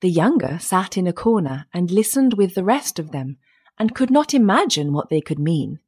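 A woman narrating an old fairy tale in a measured storytelling manner. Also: fairly low pitch, very animated, a little mellow, husky.

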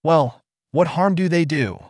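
A blunt, sharp-tongued woman, as a male reader puts her on. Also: a little high, big pitch swings, moderate pace, dry recording, studio quality, pitched above the performer's own voice. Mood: challenging. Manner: blunt, challenging.

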